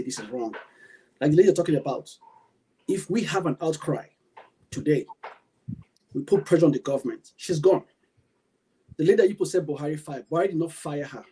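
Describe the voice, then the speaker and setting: A Nigerian man on a call-in show who argues his point emphatically, stacking rhetorical questions and repeating phrases for weight. His voice sits a little high and sounds mellow and husky. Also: rough recording. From Nigeria, Edo State. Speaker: caller. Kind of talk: call-in opinion commentary.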